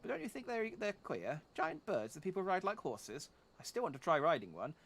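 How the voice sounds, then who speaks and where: Game read-aloud: man playing a chatty young boy, a bit higher than his own voice. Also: very animated, a little fast, a bit bright, heavily acted. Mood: eager.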